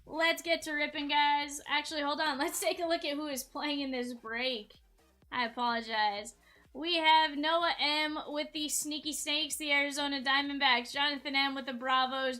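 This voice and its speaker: A woman's voice: high voice, bright, forceful tone. A woman hosting a live card break stream, chatty and upbeat, talking straight to her viewers.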